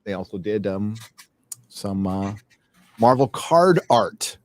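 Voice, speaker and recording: A man's voice: fairly low pitch, expressive, takes it slowly. A man hosting a casual panel chat, reading viewer donations aloud in a rambling way, with fillers and self-corrections.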